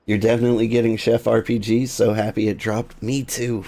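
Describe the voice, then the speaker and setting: A man streaming a video game, chatting casually in a relaxed, rambling way. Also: on the low side, fairly quick, few pauses.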